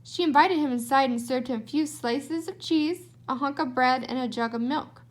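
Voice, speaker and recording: High-voiced woman reading a storybook aloud. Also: moderate pace. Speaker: storybook reader. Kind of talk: reading a children's book aloud.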